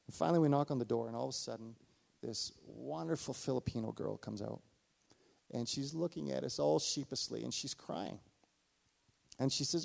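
A middle-aged male pastor preaching a sermon, telling a personal story with animated delivery and acted-out dialogue. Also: mid-range voice, fairly quick, creaky.

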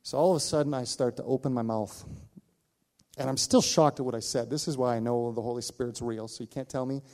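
A man preaching, telling a personal story with animated delivery, acting out the voices of others and laughing at himself. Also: medium pitch, brisk. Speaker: pastor. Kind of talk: sermon storytelling.

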